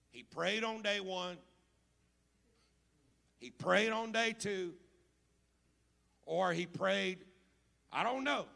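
A man preaching a sermon as pastor, moving from casual storytelling to loud, fervent preaching. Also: high voice, gravelly, big-room sound.

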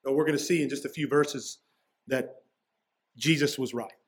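A man's voice: medium pitch, steady tone, normal speed. A man preaching a sermon as pastor, walking through a passage in a casual, conversational way with slangy asides.

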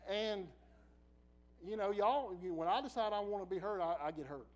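A middle-aged man preacher telling a personal story in a sermon, laughing often and swinging from quiet asides to loud bursts. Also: high voice, animated, normal speed, poor audio.

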